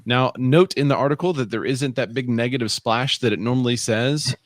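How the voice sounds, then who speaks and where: A man's voice: mid-range voice, fairly quick, no room sound. A man co-hosting a live real estate show, chatting casually and reading viewer comments aloud. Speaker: podcast co-host.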